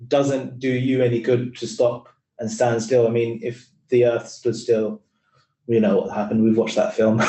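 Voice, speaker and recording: A man's voice: mid-range voice, dark tone. A man, speaking on a careers panel in an earnest, rambling way full of restarts, heard over a video call. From East London, England. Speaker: finance employee, panel speaker. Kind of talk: casual panel talk. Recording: roomy, distant sound.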